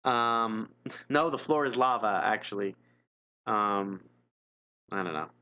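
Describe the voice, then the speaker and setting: A man's voice: on the low side, slow, bright, forceful tone, clear, resonant tone, muffled recording. A man streaming live, reading an interactive gamebook aloud and chatting casually, wry and self-mocking with frequent chuckles.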